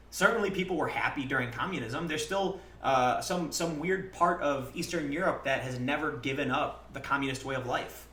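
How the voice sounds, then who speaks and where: A man in his thirties talks through a casual live-stream monologue, blunt and full of swearing, and slips into animated quoted lines from his own past. His voice is bright and forceful. The room around him is echoey. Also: on the high side, moderate pace, few pauses, a little hiss or hum. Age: 30s. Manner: blunt and profane, with frequent restarts.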